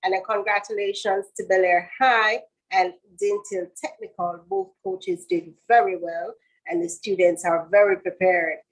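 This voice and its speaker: A woman hosts a school debate, announcing speakers and results. Her delivery is formal and measured, with a mid-range voice. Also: medium pitch, animated, rough recording. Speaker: debate moderator. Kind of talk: event hosting.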